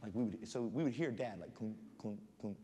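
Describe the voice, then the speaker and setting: A man preaching as a guest pastor in a church, reading scripture aloud and telling animated stories. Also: fairly low pitch, brisk. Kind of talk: sermon. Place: church sanctuary. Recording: long hall reverb, faint room noise.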